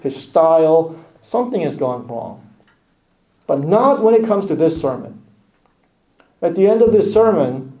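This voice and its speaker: A man preaching a sermon emphatically, with hushed asides. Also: a little high. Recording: echoey room.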